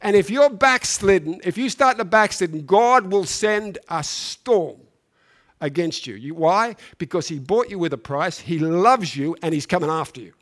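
A man's voice: sits high, lively intonation, normal speed, fairly bright tone. A man preaching a sermon, reading scripture and then speaking earnestly, building to emphatic peaks and often restarting his phrases.

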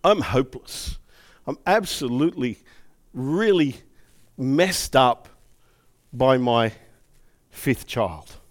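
A man's voice: medium pitch, slow pace, pauses often. A middle-aged man preaching a sermon, telling personal stories with emotion and acting out quotes. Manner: emotive, animated storytelling with acted quotes. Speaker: pastor.

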